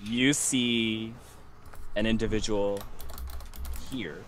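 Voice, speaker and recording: A man narrating as game master of a tabletop game, slow and hesitant with many pauses. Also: lowish voice, steady tone, slight background noise.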